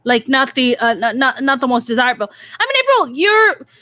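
A woman's voice: sits high, big pitch swings, a little fast, bright, forceful tone, no room sound. A woman hosting a casual interview who talks bluntly and animatedly and swears freely. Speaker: podcast host.

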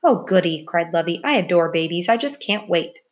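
A woman voicing a small, bold young female mouse who talks in a bossy, cheerful, high chirpy way. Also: lively intonation, fairly quick, dull audio, close to an everyday voice.

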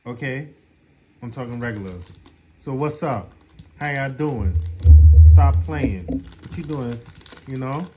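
A man's voice: medium pitch, measured pace, pauses often, heavy background noise. A man hosting a podcast in a casual, joking, slangy chat with his co-host. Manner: laid-back, joking, slangy.

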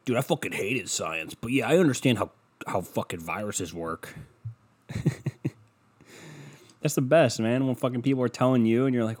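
A man's voice: medium pitch, animated, normal speed, a little mellow, slightly rough. A young man talking to his viewers in a loose, profane, rambling vlog rant, full of mocking asides.

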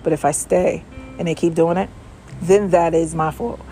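A woman's voice: fairly low pitch, steady tone, moderate pace, warm tone, faint music behind. Blunt, chatty woman on a porch. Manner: blunt, profane, loose and chatty. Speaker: vlogger. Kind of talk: casual motivational talk. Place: outdoors on a home porch by water.

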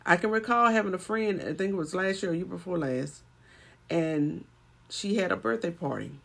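A woman's voice: fairly low pitch, normal speed, vocal fry, a bit bright. A woman preaching a sermon and telling a personal story, building to emphatic swells.

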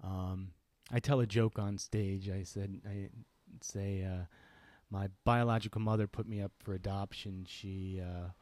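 A middle-aged man with a lowish voice tells a personal story on his podcast, earnest and reflective, often pausing and restarting mid-thought. He sounds close to a dry microphone with no room sound around him. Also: fairly even intonation, a little mellow, no room sound. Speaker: podcast host.

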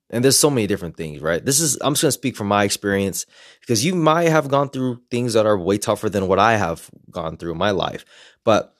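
A self-help creator delivers a casual personal monologue, frank and reflective, swearing often as he talks about his own experiences. His voice is lowish, and the recording is dry and studio quality.

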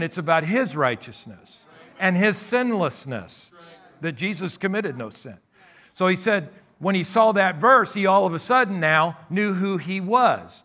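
A male pastor delivering a sermon with a bright, ringing voice pitched a little high. He drives his points with loud emphatic bursts, drops into quieter asides, and keeps calling for an amen. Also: expressive, a little slow. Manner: preacherly, calls for amens, swings between loud bursts and soft asides.

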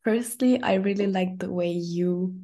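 A woman hosting a casual chat, reflecting supportively in drawn-out phrases. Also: fairly low pitch, mellow. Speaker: host.

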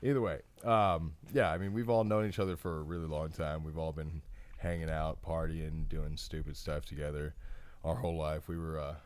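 A man's voice: rumbling low, little pitch movement, moderate pace, hardly any pauses, clear, resonant tone. A man in his thirties, a podcast co-host chatting casually in a laid-back, rambling way. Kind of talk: casual chat.

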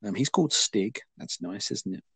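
A man's voice: fairly low pitch, expressive, normal speed, vocal fry, pushed and bright, breathy edge, no room sound. A man hosting a casual film review chat, talking with dry, wry understatement. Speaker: podcast host.

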